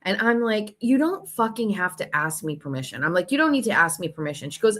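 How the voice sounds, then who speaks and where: A woman's voice: medium pitch, big pitch swings, brisk, few pauses, a bit bright. A woman hosting her own show, casually recounting an online feud and reading out messages in a gossipy, exasperated way with some swearing. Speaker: host.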